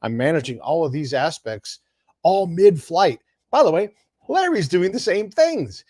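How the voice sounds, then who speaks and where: A man hosting a podcast, talking energetically with quick asides and restarts in a casual conversation. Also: fairly high pitch, sing-song, a little mellow, no echo, clean studio sound. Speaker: podcast host.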